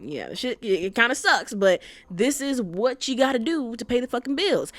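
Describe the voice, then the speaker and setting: A woman's voice: a little high, big pitch swings, moderate pace, fairly bright tone, dry recording. A young adult woman hosting a podcast, chatting casually and bluntly, full of "like" and "you know" and the odd curse. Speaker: podcast host. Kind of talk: casual chat recapping a story.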